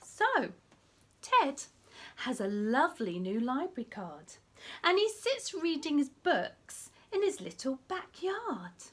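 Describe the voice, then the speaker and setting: A woman reading a picture book aloud for children at library story time, animated and often dropping to a whisper for asides. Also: sits high, takes it slowly.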